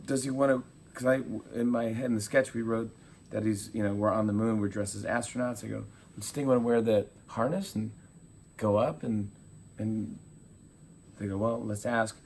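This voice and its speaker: A man in his forties, a talk show host, telling animated stories in a casual interview and acting out quotes. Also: lowish voice, moderate pace, a little hiss or hum. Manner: animated storyteller, acts out quotes.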